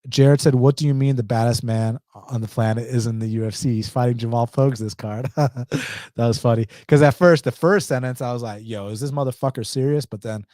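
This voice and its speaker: A man's voice: mid-range voice, a little fast, warm tone, no room sound, studio quality. A man with an Atlanta accent hosting a live stream, reading chat questions and answering them in a blunt, casual, slangy way. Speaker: host.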